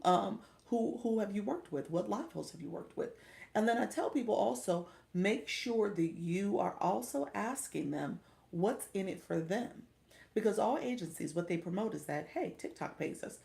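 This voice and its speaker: A woman's voice: mid-range voice, vocal fry, a little mellow. A middle-aged woman, chatting casually on a livestream as a coach and often laughing with viewers. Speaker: live coach.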